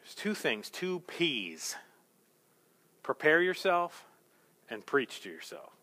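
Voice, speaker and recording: A man preaching a sermon as pastor, conversational and animated, building to emphatic peaks. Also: on the high side, takes it slowly.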